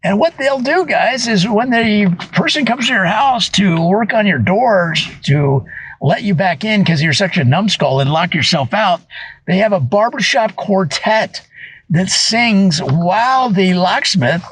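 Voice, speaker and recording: A man delivering a deadpan comic monologue in an earnest, mock-serious way, talking straight to viewers with small fillers. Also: high-pitched, measured pace, breathy edge, rough recording. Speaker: comedian doing a mock review video.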